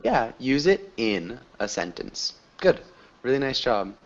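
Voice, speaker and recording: A man's voice: mid-range voice, very animated, unhurried. A man teaching an online English class over a video call, encouraging students and praising their pronunciation. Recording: dull lo-fi video call audio.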